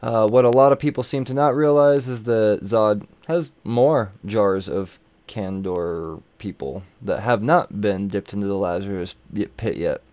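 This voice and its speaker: A man with a somewhat low voice talks through comic book plots in a loose, rambling way. He swears constantly and stumbles over fillers and restarts as he goes. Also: unhurried, few pauses, darkish tone. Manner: rambling, profane, with frequent fillers. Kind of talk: casual comic book recap.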